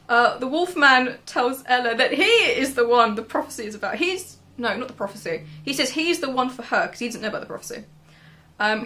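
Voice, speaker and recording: A woman's voice: high voice, bright, forceful tone. A woman casually recapping and reviewing a book, with sarcastic asides and dry humour.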